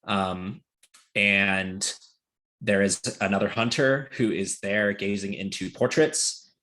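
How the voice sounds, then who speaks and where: A man describes his tabletop game scene in a hesitant way, often stopping on ums and uhs. His voice sits a little low. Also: steady tone, slow, bright, forceful tone. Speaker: player.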